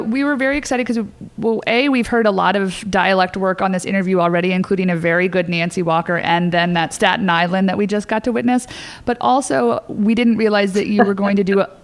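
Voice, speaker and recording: Upbeat woman podcast host asking questions. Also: mid-range voice. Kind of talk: interview questions.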